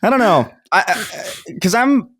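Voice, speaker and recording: A man's voice: high-pitched, lively intonation, unhurried, fairly bright tone, dry recording, clean studio sound. A man co-hosting a podcast in casual chat, thinking aloud with frequent restarts. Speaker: podcast co-host.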